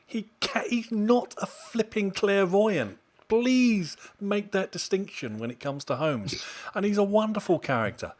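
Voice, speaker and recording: On this podcast, a male co-host with a high-pitched, expressive voice speaks a little slowly. His casual chat is opinionated and emphatic, building up to exasperated outbursts.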